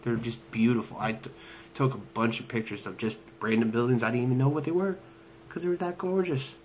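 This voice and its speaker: A man's voice: medium pitch, fairly quick, a little mellow, a little hiss or hum, rough recording. A young man chatting casually in a travel vlog, rambling and hesitant with many fillers and restarts. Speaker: vlogger. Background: background music.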